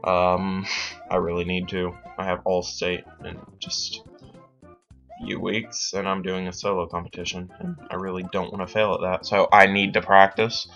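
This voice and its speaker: Brief: late-teen boy, lowish voice with a bright edge, rambling self-mocking game commentary. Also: level tone, moderate pace. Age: late teens. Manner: rambling, self-deprecating chatter. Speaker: let's play host. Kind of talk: gameplay commentary. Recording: dull lo-fi sound. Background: faint game music.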